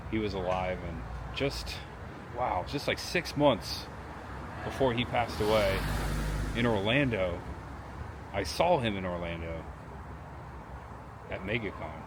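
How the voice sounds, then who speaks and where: A man narrates his travel vlog in a relaxed, chatty way, turning reflective and emotional at times. His voice sits low. Traffic and city noise hum clearly behind him outdoors. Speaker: travel vlogger.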